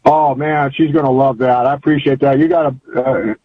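A man's voice: medium pitch, steady tone, normal speed, husky. An older man calling in to a radio show, talking in a rambling, folksy, emphatic way over a phone line. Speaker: caller. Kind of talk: call-in radio chat.

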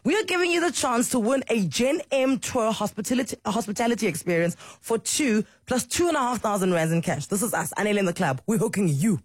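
Husky-voiced woman radio host. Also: mid-range voice, expressive, dry recording. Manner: teasing, quick-witted. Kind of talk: casual radio banter and promo reading. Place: radio studio.

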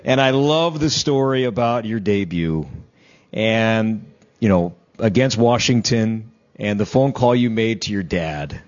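A man's voice: lowish voice, animated, a little slow, lo-fi sound. A man hosting a broadcast interview, asking questions in an upbeat, conversational manner. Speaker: host, broadcaster.

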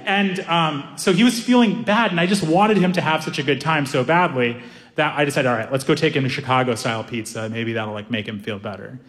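A young man doing animated stand-up storytelling, acting out voices with sudden high-pitched outbursts. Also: brisk, long reverb tail. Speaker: stand-up comedian.

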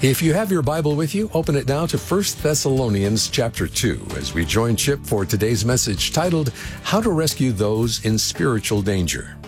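A man reading a scripted program introduction in a smooth, upbeat announcer style. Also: medium pitch, animated, normal speed. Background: guitar music.

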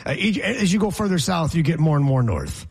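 A man's voice: on the high side, sing-song, brisk, vocal fry, breathy edge. A man hosting a casual sports talk show, joking and imitating how people pronounce words. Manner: wisecracking, mimics voices and pronunciations. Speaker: sports radio host.

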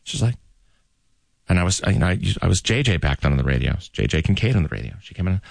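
A man radio host with no regional accent, telling a story in animated, jokey casual banter. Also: low-pitched, fast talker, gravelly, no echo.

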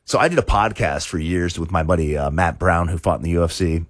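A man's voice: sits low, a little fast, dry recording, clean studio sound. A man hosting a talk show, chatting casually in a rambling way with many restarts and chuckles. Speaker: show host.

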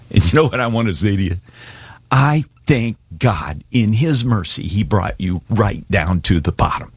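A middle-aged male pastor preaching with an earnest, pleading urgency. His voice sits very low and has a husky edge. The sound is dry and close, with no room around it. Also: normal speed, no echo. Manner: earnest, pleading, varies pace for emphasis. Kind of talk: sermon with altar call.

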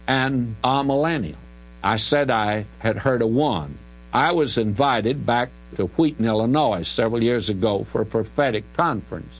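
A man's voice: medium pitch, rough recording. An older man, a Bible teacher answering listener questions on the radio in an emphatic, folksy way, stretching key words. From American South.

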